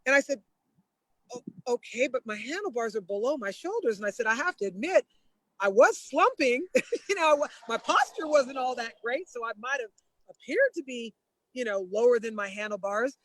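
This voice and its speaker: A woman guest telling a story in a casual, lively way, laughing often and slipping into the voices of the people she quotes. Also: on the high side, normal speed, poor audio.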